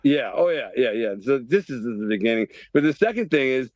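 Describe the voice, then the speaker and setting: A man's voice: mid-range voice, very animated, fairly quick, darkish tone, no echo, highs cut off. A middle-aged man from Detroit, telling a rambling story in a podcast interview and often restarting his sentences. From Detroit, Michigan. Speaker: podcast guest.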